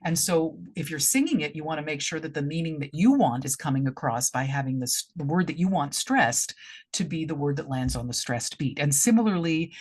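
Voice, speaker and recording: A woman's voice: low voice, expressive, fairly quick, breathy edge. A middle-aged woman, a director giving feedback in a vlog, talking through her points with frequent restarts and tapping out beats aloud. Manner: restarts and demonstrates stresses aloud. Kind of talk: explanatory vlog talk.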